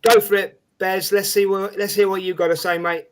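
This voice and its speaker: A man hosting a casual football fan show, chummy and quick to agree with his guests. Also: high-pitched, flat delivery, rough recording. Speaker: host.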